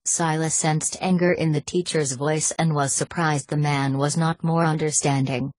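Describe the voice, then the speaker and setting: A woman narrating a thriller audiobook in a steady, even reading voice. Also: deep voice, moderate pace, hardly any pauses, dry recording.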